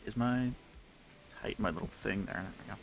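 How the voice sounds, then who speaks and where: A man's voice: fairly low pitch, brisk, gravelly. A man casually rambling through live gameplay commentary, chatty and self-mocking, speaking into a desk mic with a pop filter. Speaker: game streamer.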